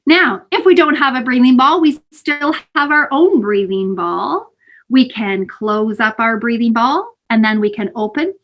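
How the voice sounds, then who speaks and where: A woman teaching children mindfulness breathing over a video call, in an animated, sing-song way. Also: a little high, measured pace. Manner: animated, sing-song, calls kids sweethearts. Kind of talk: teaching kids breathing exercises. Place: home, virtual session.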